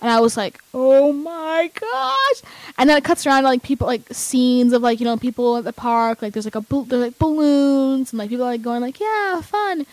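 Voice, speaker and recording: A young woman chatting casually as a vlogger, excitable and rambling with lots of fillers. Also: a little high, fast talker, few pauses, no echo, rough recording. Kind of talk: casual chat.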